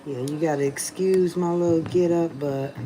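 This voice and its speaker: A woman's voice: sits low, fairly even intonation, normal speed, warm tone, slight background noise, rough recording. A tired woman hosting a casual livestream outdoors on a rainy day, chatting with her viewers in slang. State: tired, yawning. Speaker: livestream host.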